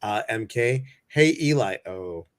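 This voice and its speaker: A man's voice: lowish voice, expressive, slow pace. A man hosting a casual livestream chat, bubbly and sassy, greeting viewers by name. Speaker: livestream host.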